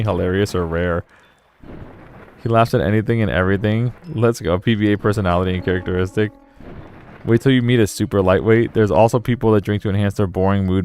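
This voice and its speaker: A young man chatting loosely while playing a video game, rambling through stories and laughing often. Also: on the low side. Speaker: gaming streamer. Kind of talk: casual let's play commentary.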